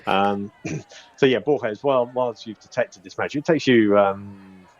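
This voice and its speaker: A man's voice: lowish voice, unhurried. A man narrating as game master in a casual, rambling way, with many fillers and restarts. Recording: dull lo-fi audio.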